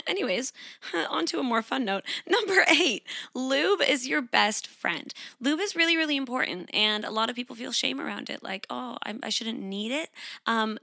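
Young woman podcaster, super frank and emphatic, bright punchy voice, dry close sound. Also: fairly high pitch, gravelly, no echo. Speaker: podcast host. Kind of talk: casual solo podcast talk.

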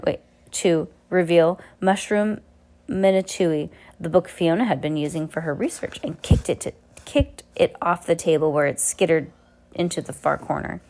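Low-voiced woman reading a novel aloud. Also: measured pace, darkish tone. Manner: unpolished reading with frequent self-corrections. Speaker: reader.

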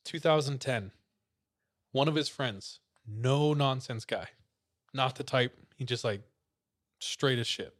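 A man's voice: medium pitch, takes it slowly, pauses often. A man casually retelling a creepy story, full of fillers. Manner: relaxed storyteller, many "like" fillers.

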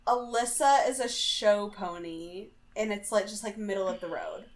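A woman's voice: mid-range voice, normal speed. A woman co-hosting a casual show, recapping TV with wry jokes and dry asides, laughing along. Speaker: podcast co-host.

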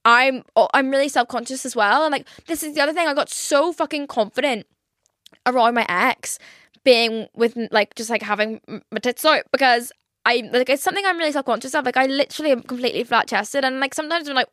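A woman's voice: on the high side, quick pace, fairly bright tone, no room sound, clean studio sound. A young woman hosting her podcast in a casual confessional monologue, rambling with lots of fillers and swearing. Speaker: podcast host.

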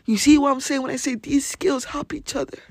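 A man's voice: very high-pitched, fairly even intonation, brisk, no room sound. A young man with an African accent, hosting a motivational podcast monologue in a blunt, emphatic way and swearing for emphasis. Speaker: podcast host.

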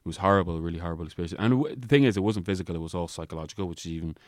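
A deep-voiced Irish man talks quickly through a rambling story, leaning on "like" and dropping swear words as he goes. He recounts it with plenty of animation, his voice close and dry with no room sound around it. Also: dry recording. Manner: rambling, frequent swearing and filler "like"; animated retelling with voiced quotes. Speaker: guest. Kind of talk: casual storytelling chat.

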